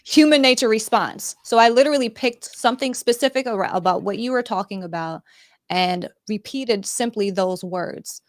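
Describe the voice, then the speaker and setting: A woman's voice: fairly high pitch, no echo. Woman hosting, dry close sound. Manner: friendly, halting with fillers and restarts. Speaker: interview host. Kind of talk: conversational interview.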